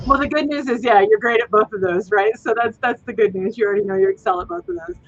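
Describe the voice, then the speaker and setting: A woman's voice: a little high, lively intonation, fast. Enthusiastic woman interviewer, lo-fi audio. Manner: enthusiastic, laughs often. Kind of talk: casual interview chat. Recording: dull lo-fi sound.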